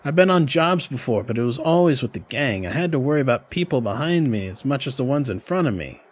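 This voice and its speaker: A man's voice: medium pitch, expressive, fast, lightly acted. A man voicing a nervous young former gang member who talks anxiously.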